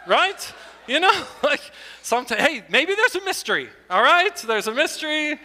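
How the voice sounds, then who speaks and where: A middle-aged man doing stand-up comedy with slides at a church show, animated and breaking into loud exclamations. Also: very high-pitched, moderate pace. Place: church hall before an audience. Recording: long hall reverb.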